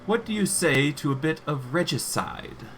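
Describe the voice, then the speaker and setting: A man's voice: on the high side, expressive, moderate pace, fairly bright tone, a little hiss or hum, voice pushed up. A man voicing a grumpy, stingy male gnome expedition leader who grumbles sourly. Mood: grumbling.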